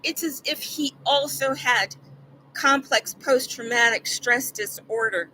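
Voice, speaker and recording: Bright-voiced older woman telling a story. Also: high voice, takes it slowly, slight background noise, rough recording. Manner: rambling, earnest, repeats words when upset. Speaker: vlogger. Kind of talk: personal storytelling to camera.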